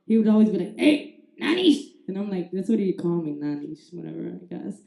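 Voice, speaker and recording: A woman's voice: on the low side, fairly even intonation, rapid-fire, vocal fry, mellow, echoey room. A young woman doing a stand-up comedy set on a club stage mic, telling crude stories with laughter and acting out other people's voices. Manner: crude, laughing storyteller who acts out voices. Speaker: stand-up comic. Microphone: handheld stage mic.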